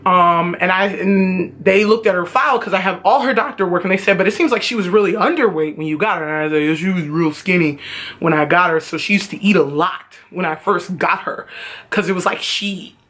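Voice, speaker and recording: A woman vlogger telling a casual storytime, animated and profane, often laughing. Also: on the low side, brisk.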